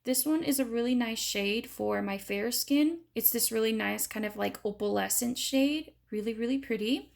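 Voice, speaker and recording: A woman's voice: fairly high pitch, moderate pace, gravelly, few pauses. A woman giving a chatty, enthusiastic beauty product review in a casual vlog. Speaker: beauty vlogger.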